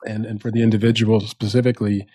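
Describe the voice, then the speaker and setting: A man hosting an interview podcast, speaking in a thoughtful, measured way. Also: lowish voice, little pitch movement, mellow, breathy edge, dry recording, studio quality. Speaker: podcast host. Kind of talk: interview conversation.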